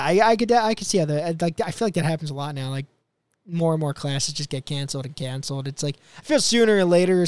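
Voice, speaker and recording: Rambling young man with a smooth voice. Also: fairly high pitch, darkish tone, no echo. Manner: rambling, filler-heavy. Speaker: podcast host. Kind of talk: casual commentary on clips.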